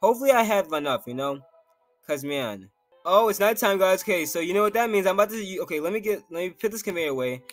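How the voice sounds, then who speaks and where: A man's voice: high voice, expressive, fast talker, no echo, soft background music. A young man hosting a gaming channel, talking through gameplay in a rambling, heartfelt way with many fillers. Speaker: gaming YouTuber. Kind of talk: casual gameplay commentary.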